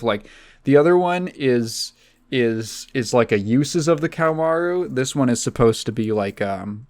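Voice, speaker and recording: A tired man rambling casually as he hosts his solo podcast, with many restarts. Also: medium pitch. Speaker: podcast host.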